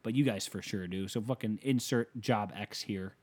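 A man hosting a show, delivering a casual comedic rant that is profane and exasperated, with loud emphatic outbursts. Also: fairly low pitch, moderate pace, slightly rough.

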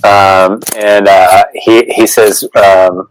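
A man's voice: lowish voice, moderate pace, dry recording, low-quality recording. A man running a tabletop role-playing game as game master, talking in an easygoing way.

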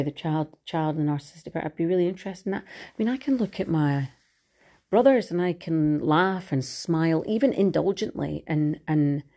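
With a deep, mellow voice, a middle-aged woman who vlogs delivers a long, frank personal monologue, wandering between thoughts and swearing casually.

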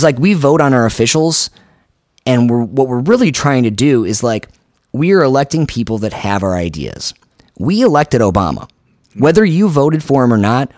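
An American man co-hosts a podcast, delivering a heated, emphatic rant with frequent swearing. His voice is medium-pitched and darkish, captured as a dry, clean studio recording.

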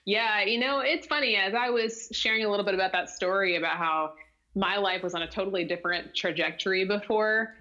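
A woman speaks as a podcast guest, sharing her story in an earnest, reflective manner. Her pitch sits in a middle range. The audio is dull and lo-fi. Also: fairly quick, pushed and bright. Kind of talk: casual conversation.

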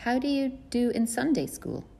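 A woman's voice: fairly high pitch, very animated, normal speed, creaky, mellow, breathy edge, pitched above the performer's own voice, exaggerated voice. A woman voicing an elderly, pious grandmother who talks in a firm, matter-of-fact way in an audiobook reading. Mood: insistent. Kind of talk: audiobook character voice.

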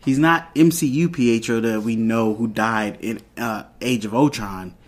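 A man's voice: medium pitch, a little slow. Brief: young adult male podcast host, loose rambling episode recap, quotes characters' lines casually. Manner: retells scenes with quoted dialogue, loose and rambling.

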